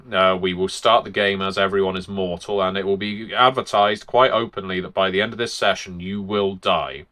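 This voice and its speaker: A man's voice: fairly low pitch, sharp tone. A man, a game master and host, explaining tabletop role-play tips in a chatty, demonstrative way.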